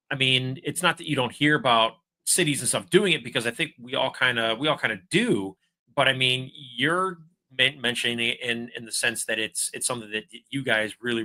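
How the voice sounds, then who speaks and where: Male podcast host, very bright voice, eager, stumbles over words. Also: mid-range voice. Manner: enthusiastic, halting with many restarts. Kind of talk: podcast interview.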